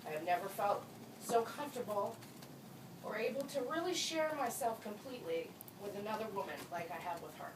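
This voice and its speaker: A woman's voice: medium pitch, expressive, a little fast. A woman giving a heartfelt, tearful wedding toast as the bride's best friend, at a reception. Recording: distant echoey room with crowd noise.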